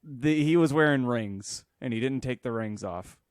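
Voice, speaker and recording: A man's voice: medium pitch, moderate pace, clear, resonant tone, dry recording, studio quality. A man co-hosting a podcast in casual chat, telling a rambling story and laughing often. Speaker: podcast co-host.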